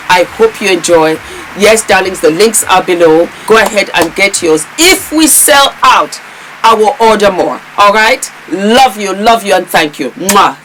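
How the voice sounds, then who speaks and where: A woman host chatting to her viewers in an effusive, doting way, calling them her darlings. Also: on the low side. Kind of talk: casual chat to viewers.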